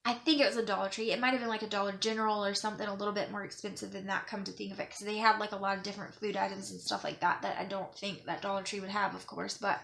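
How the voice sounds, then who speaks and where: A woman's voice: medium pitch, flat delivery, very fast, gravelly, hardly any pauses, a bit bright. A young woman vlogging in a casual, rambling way, earnest and close to tears as she talks about kindness. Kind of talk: casual monologue to camera.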